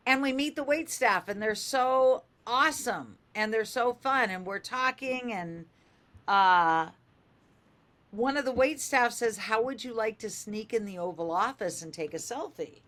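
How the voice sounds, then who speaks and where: An older woman radio host telling a funny story, lively and animated, acting out the voices in it. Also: a little slow. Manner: lively, acts out quoted voices with big pitch jumps.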